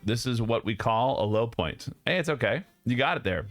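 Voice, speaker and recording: A man's voice: mid-range voice, expressive, normal speed, no echo. A young man streaming live, chatting casually with his viewers and joking and laughing a lot.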